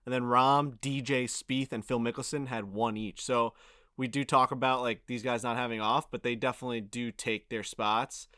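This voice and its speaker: A man co-hosting a golf podcast, telling stories in a lively casual way with lots of swearing. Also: mid-range voice, normal speed, clear, resonant tone, dry recording, clean studio sound. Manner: animated storytelling, heavy swearing. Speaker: podcast co-host. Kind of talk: casual chat.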